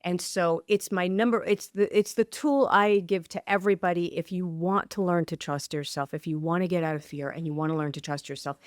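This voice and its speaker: A woman's voice: lowish voice, steady tone, fairly quick, few pauses, dry recording, clean studio sound. A woman author and coach, a podcast guest, talking emphatically and restarting sentences eagerly. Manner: emphatic, affirms often with repeated yeses. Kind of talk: interview conversation.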